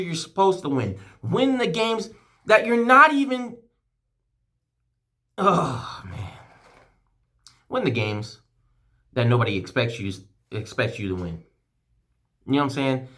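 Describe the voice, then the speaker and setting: A man vents in an emotional fan vlog, cursing freely and tripping over his own restarts. His pitch swings wildly from low grumbles to high outbursts, and his voice has a bright, tense edge. The delivery is heated and rambling. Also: expressive, a little slow, pauses often. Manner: heated, profane, emotional rant. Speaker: sports fan vlogger.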